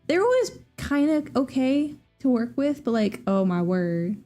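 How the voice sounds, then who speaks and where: A woman in her twenties with a Southern US accent, chatting casually on a livestream in a fast, rambling, animated way with lots of fillers and restarts. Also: high voice, faint music behind. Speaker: streamer.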